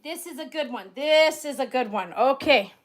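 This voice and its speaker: A woman's voice: high-pitched, lively intonation, normal speed, slight background noise. A woman who grooms dogs, hosting a silly improvised live skit in a playful, repetitive way and breaking into laughs.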